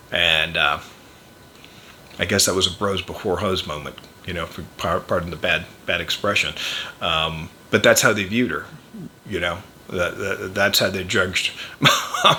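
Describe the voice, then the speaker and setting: Older male host, low forceful voice, rambling anecdotal storyteller. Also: expressive, moderate pace, a little hiss or hum. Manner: rambling and anecdotal, with frequent fillers and wry chuckles. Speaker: podcast host and chiropractor. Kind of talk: casual personal storytelling.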